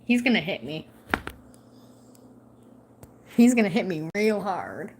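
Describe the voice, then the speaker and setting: A woman's voice: medium pitch, sing-song, takes it slowly, background noise. A woman vlogging at home in casual chat to camera, swearing and teasing her cat.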